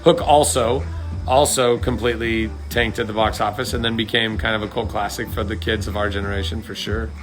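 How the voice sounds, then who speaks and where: A man's voice: on the low side, steady tone, brisk, over music. A man in his thirties hosting a live chat and answering viewer questions, rambling and full of fillers and restarts. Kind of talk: casual chat.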